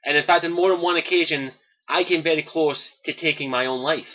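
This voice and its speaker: A young man with a Scottish accent talks straight to his stream viewers in a personal monologue. His voice sits high for a man and comes out bright and forceful. He is earnest and impassioned, returning again and again to the same phrases. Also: brisk. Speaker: host of a gaming livestream.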